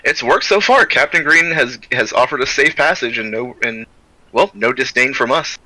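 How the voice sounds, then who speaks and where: A man voicing a steadfast, stoic young male soldier in tabletop role-play, halting and searching for names as he speaks, clearing his throat often. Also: mid-range voice, sharp tone, dry recording, low-quality recording.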